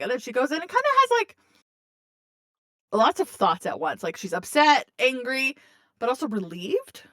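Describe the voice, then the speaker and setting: A woman's voice: medium pitch, big pitch swings, moderate pace, fairly bright tone, no echo. Chatty swearing woman podcaster. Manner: chatty, profane, laughs often, acts out quotes. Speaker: podcast co-host. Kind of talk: casual book recap chat.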